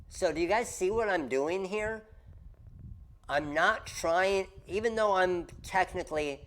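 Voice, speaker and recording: This craft business livestream host speaks in a fairly high voice, coaching his audience casually but with animated emphasis and returning to the same points over and over.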